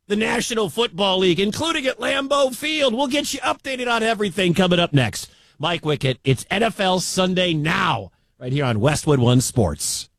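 A man calling a live game for radio from a stadium booth, his voice pitched high for a man. He is excitable and quick to break into shouts when a play lands. The sound is dry and close, with no room around him. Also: dry recording. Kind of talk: live sports commentary.

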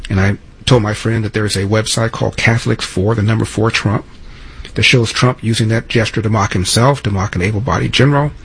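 Husky older man hosting talk radio. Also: on the low side, poor audio. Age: 70s. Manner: storytelling, emphatic, argumentative. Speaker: radio talk show host. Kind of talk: talk radio monologue and call-in.

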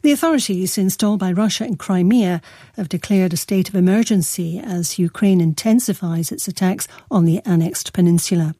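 A woman newsreader reading a news bulletin in a measured, formal way. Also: lowish voice, warm tone, no room sound, clean studio sound.

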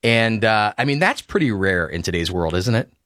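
A man's voice: on the low side, animated, normal speed, fairly bright tone, no echo, studio quality. A man hosting a casual sports talk show, emphatic and opinionated. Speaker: radio sports talk host.

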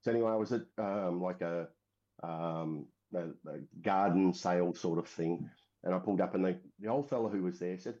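A man's voice: low voice, normal speed, warm tone. A man with an Australian accent, a military veteran, telling a long story casually in an interview, full of fillers and restarts. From Western Australia. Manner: rambling, frequent fillers and restarts. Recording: dull lo-fi audio.

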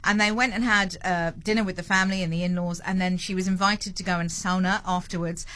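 A woman's voice: lowish voice, fairly even intonation, quick pace, fairly bright tone, no room sound. A middle-aged British woman hosting a breakfast radio show, chatty and self-deprecating, laughing and restarting often. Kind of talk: casual chat interview. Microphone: studio mic.

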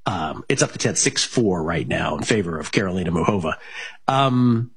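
Husky man hosting sports radio. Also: deep voice, lively intonation, normal speed. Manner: rambling, many fillers and restarts. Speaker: sports betting radio host. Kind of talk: casual radio talk.

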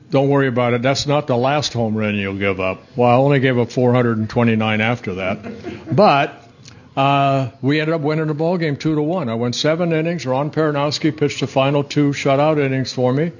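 A man in his seventies, a former pitcher, telling stories in a rambling, self-correcting way and chuckling at his own jokes. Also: dull audio. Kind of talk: casual interview storytelling.

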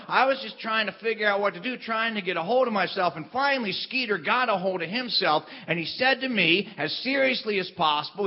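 High-voiced man telling a comic story. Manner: animated, self-deprecating, shifts into character voices. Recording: dull lo-fi sound.

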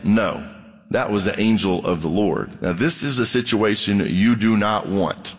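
A man's voice: fairly low pitch, lively intonation, measured pace. A man preaching a sermon, reading scripture and breaking off into humorous asides to the congregation. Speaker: pastor. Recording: long reverb of a large hall.

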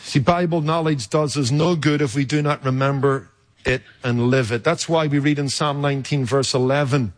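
A man preaching a sermon in an emphatic, rhetorical way, with dramatic pauses and sudden jumps in loudness. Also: mid-range voice, fairly even intonation.

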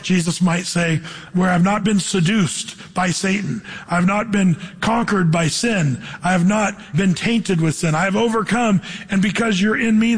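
Middle-aged male preacher, high husky voice, animated, long hall reverb. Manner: animated preaching, quotes scripture and acts out voices. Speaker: pastor. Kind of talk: sermon.

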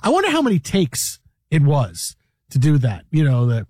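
A man hosting a talk radio show, bantering playfully with co-hosts, laughing often and slipping into quick impressions. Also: sits high, wildly swooping pitch, darkish tone, dry recording, clean studio sound. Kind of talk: casual sports radio banter.

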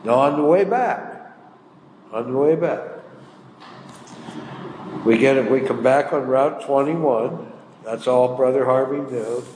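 A man's voice: medium pitch, slow, pauses often, darkish tone. An older man preaching a sermon, telling a story in a folksy, plain-spoken way. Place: church hall. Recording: echoey hall, faint room noise.

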